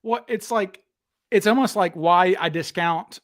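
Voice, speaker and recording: A man hosting a casual chat, retelling stories with lively acted-out quotes. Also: high voice, a little slow. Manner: animated, acts out quotes with raised voice. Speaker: podcast host.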